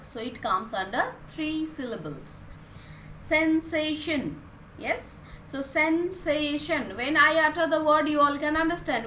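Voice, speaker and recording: A woman, teaching a class and explaining words slowly, one at a time. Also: high-pitched, fairly bright tone, echoey room, a little hiss or hum. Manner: slow, explaining word by word. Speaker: English teacher. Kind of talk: recorded online class lesson.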